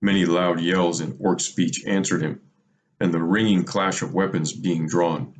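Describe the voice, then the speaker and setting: A man reading a fantasy novel aloud in a measured, steady way. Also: low-pitched, a little hiss or hum. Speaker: reader. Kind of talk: audiobook narration.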